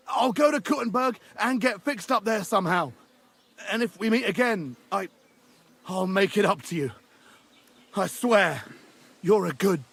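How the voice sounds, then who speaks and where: A frightened, pleading game character. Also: male voice, high voice, a bit bright, breathy edge, full character voice. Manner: pleading, stammering. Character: frightened male game character begging for release. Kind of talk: game voice acting.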